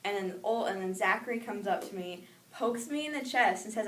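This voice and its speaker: A young woman telling a personal childhood story in a lively way, acting out the voices she quotes. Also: mid-range voice, fairly quick. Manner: animated, acts out quoted voices. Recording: echoey room with noise, mic at a distance.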